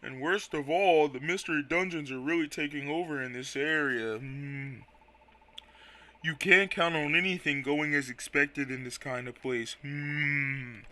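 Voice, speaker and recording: A sleepy creature drawls out each word, stopping to hum "hmm" between phrases, as a man puts the voice on for a game. The voice sits low and soft for the speaker, and it is slow and unhurried. There is a faint brightness still in the tone. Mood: drowsy. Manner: very slow drawl with long humming pauses. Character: slow, drowsy male Quagsire land keeper. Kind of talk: voice acting while reading game dialogue.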